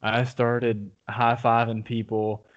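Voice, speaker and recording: Excitable man retelling a football game. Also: medium pitch, slow. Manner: excited storytelling, rambling with restarts. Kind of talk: casual sports chat. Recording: dull lo-fi audio.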